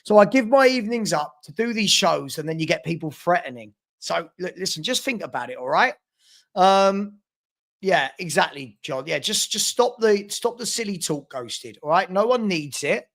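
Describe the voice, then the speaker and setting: London male streamer, high-ish and gravelly, blunt and repetitive, casual live football chat. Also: expressive, normal speed, a bit bright. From South London. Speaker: live show host.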